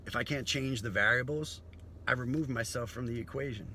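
A man's voice: medium pitch, brisk, bright, forceful tone, a little hiss or hum. A man comedian delivering a profane, philosophical monologue.

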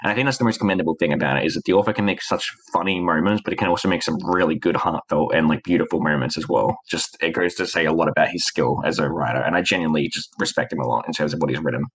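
A man's voice: very deep voice, rapid-fire, few pauses, fairly bright tone, husky, low-quality recording. A man co-hosting a podcast in casual chat, talking in an earnest, thoughtful way. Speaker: podcast co-host.

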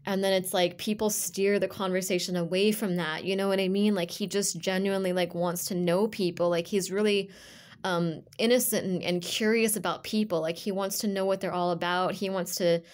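A woman's voice: mid-range voice, steady tone, a little fast, a little mellow. A woman giving an intuitive tarot reading to camera, rambling and emotional, with frequent fillers and restarts. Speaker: tarot reader.

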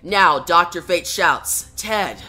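Casual comic reviewer, bright timbre, plain step-by-step narration. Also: mid-range voice, lively intonation, normal speed. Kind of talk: casual retelling of a comic issue.

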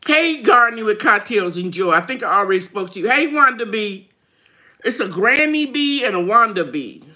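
A woman's voice: medium pitch, big pitch swings, sharp tone. Chatty woman hosting a live chat. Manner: chatty, laughs often, drawn-out emphasis. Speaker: gardening channel host. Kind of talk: live chat reading viewer comments.

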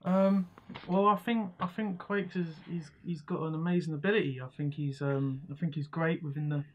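A man playing a shy, soft-spoken manager. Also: a little high, steady tone, normal speed, muffled recording. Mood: hesitant. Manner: quiet, hesitant, mumbled.

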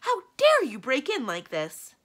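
A woman reading aloud and voicing a furious female enchantress with shrill, screeching outbursts. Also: sing-song, fairly quick, gravelly, sharp tone, breathy edge, heavily acted.

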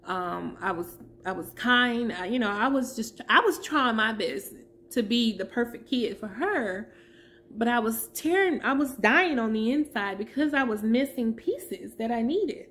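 A woman in her thirties giving a heartfelt personal testimony as a vlogger, pausing to search for her words. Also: a little high, expressive, a bit bright.

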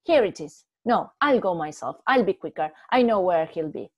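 A woman voicing an anxious, hurried older wife who pleads in a raised, urgent voice. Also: on the low side, animated, husky, no echo. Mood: anxious pleading.

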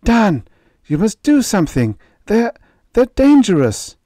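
A man's voice: medium pitch, sing-song, measured pace, dark tone, no echo, studio quality, pitched above the performer's own voice. A man voicing an anxious young ranch wife who pleads urgently, in an audiobook reading. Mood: alarmed.

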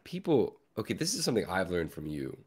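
A man hosting a podcast in casual chat, with a deep bear-like voice and a laid-back, rambling way of talking. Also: huge pitch swings, quick pace, darkish tone, slightly rough. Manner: laid-back, rambling, lots of filler words. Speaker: podcast host.

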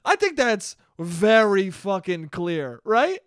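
Young man, high voice, dry close mic, solo podcast host, profane, animated rant. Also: slow pace, clean tone, dry recording. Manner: profane, animated, laughs at his own jokes.

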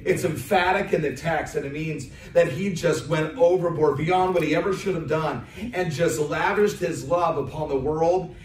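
A man's voice: on the high side, a little hiss or hum. An American man preaching a sermon as an evangelist, praying and then building to emphatic, rising lines. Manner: preaching with emphatic rises, pausing on fillers. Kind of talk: sermon with prayer. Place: church sanctuary. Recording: distant roomy church sound.

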